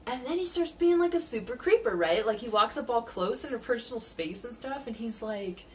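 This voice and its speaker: Woman, fairly high voice, chatty and sarcastic, casual show review at home, a bit far from the mic. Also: expressive, a little fast, a little mellow. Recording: distant from the mic, faint background noise.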